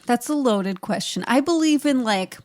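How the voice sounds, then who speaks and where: A woman co-hosting a book podcast who teases her partner with quick quips and laughs between chatty answers. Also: on the high side, animated. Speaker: podcast co-host. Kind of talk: casual chat.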